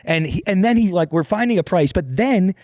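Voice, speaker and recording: Hungover guy rambling and swearing through a story, voice a bit high, dry studio sound. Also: a little fast, dry recording. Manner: rambling, profane, animated storytelling. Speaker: podcast co-host. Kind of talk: casual storytelling banter.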